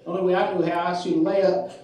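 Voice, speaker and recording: A man's voice: sits high, little pitch movement, fast talker, darkish tone, far from the mic. A man doing stand-up comedy, telling self-mocking stories in a loose way with plenty of fillers, live on stage. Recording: roomy live club, mic from afar. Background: audience laughter.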